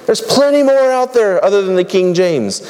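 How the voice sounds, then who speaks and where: Man, high voice, casual joking sermon delivery, long hall reverb. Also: lively intonation, moderate pace, a little mellow. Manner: conversational, humorous, rattles off long lists. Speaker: preacher.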